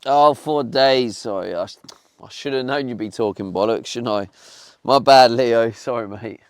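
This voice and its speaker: Chatty man with a gravelly voice. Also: medium pitch, moderate pace, no echo, clean studio sound. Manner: chatty, swears, talks back to chat. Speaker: live streamer. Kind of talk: casual live-stream chat. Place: inside his van.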